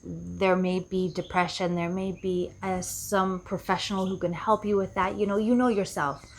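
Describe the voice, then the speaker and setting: A woman's voice: fairly low pitch, flat delivery, moderate pace, a little hiss or hum. A woman life coach giving an earnest, reflective self-help talk, often repeating herself for emphasis. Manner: earnest, repetitive, acts out quoted voices.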